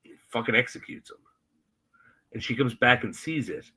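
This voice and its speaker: A man co-hosting a podcast, chatting casually and retelling a TV scene with animated, acted-out quotes. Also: medium pitch, moderate pace, slightly rough, poor audio. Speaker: podcast co-host. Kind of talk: casual chat recapping a TV episode.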